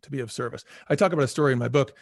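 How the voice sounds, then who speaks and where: A man speaking as a guest in a casual interview, telling stories with lively acted-out dialogue. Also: medium pitch, rapid-fire, gravelly, no echo, clean studio sound. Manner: animated storyteller, acts out quoted dialogue. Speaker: former restaurant chain CEO, guest.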